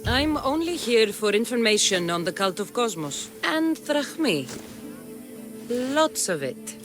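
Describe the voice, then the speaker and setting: A woman's voice: fairly high pitch, very animated, a little slow. A woman voicing a blunt mercenary warrior in a video game, speaking in a curt, businesslike, commanding way. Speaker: game protagonist. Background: game music.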